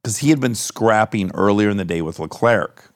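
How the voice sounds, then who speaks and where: A male podcast host in casual chat, telling lively stories and swearing freely. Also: fairly low pitch, normal speed, no echo, clean studio sound. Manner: animated storyteller, swears freely.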